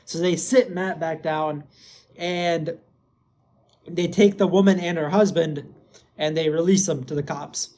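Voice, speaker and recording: A man's voice: on the high side, a little slow, long pauses. A man casually recapping a TV episode, rambling with lots of filler words and swearing. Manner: gets excited and loud when hyping. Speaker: show recap host.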